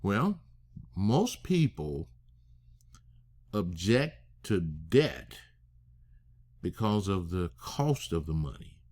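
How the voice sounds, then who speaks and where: A man teaching a masterclass on structuring deals, emphatic, asking rhetorical questions and slowing down to stress key phrases. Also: deep voice, sing-song, a little mellow. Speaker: real estate finance instructor.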